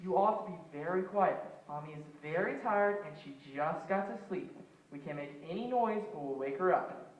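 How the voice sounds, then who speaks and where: A man's voice: high voice, expressive, fairly quick. A teenage male student actor playing a tired, exasperated young father of three on a school stage. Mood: hushed. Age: teens. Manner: exasperated, scolding then hushing. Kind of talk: stage play acting. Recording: echoey stage audio, dull sound.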